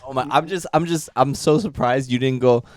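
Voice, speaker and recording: A man's voice: medium pitch, a little fast, no echo, clean studio sound. A man in casual podcast chat who eggs his friend on with joking asides. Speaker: podcast co-host.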